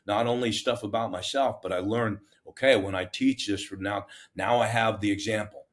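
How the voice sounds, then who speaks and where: A middle-aged man and fire captain, telling a story in a casual interview in an animated, self-mocking, plain-spoken way with many restarts. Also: fairly low pitch, normal speed. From United States.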